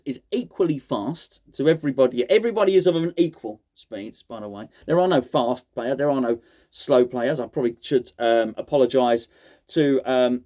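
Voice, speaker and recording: A man's voice: a little high, mellow. A man hosting a casual chat, mock-serious and joking, often stumbling and repeating words. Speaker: host.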